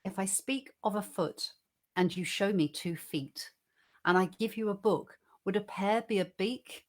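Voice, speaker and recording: A woman co-hosting an online show, reading a poem aloud in a measured, rhythmic way and then chatting casually over a video call. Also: medium pitch. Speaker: co-host reading poems. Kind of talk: poetry reading and casual chat.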